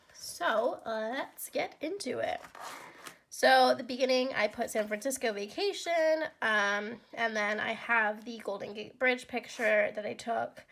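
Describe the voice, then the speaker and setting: Young woman, stuffy nose from a cold, gravelly voice, fairly high pitch, casual chatty craft vlog. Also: a little hiss or hum. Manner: chatty, relaxed, frequent ums and likes. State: congested from a cold. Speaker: vlogger. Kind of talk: casual craft flip-through.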